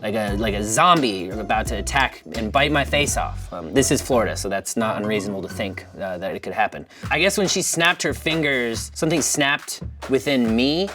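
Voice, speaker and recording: A male comedian telling a story with crude, animated delivery and lots of profanity. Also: medium pitch, moderate pace, hardly any pauses, recorded from a distance, faint music behind. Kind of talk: stand-up storytelling.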